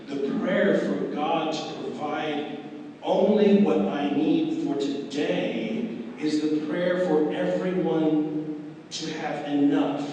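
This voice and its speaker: A man's voice: fairly high pitch, darkish tone, a little hiss or hum. A man delivering a sermon as a pastor, acting out dialogue with wry humor and dramatic swings in delivery. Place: large convention hall. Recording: echoey hall, distant mic.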